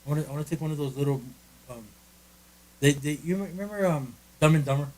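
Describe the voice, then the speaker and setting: A man's voice: on the high side, quick pace, a little mellow, poor audio. A man co-hosting a casual podcast from a friend's living room, rambling and joking with lots of restarts. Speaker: podcast co-host. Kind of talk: casual chat.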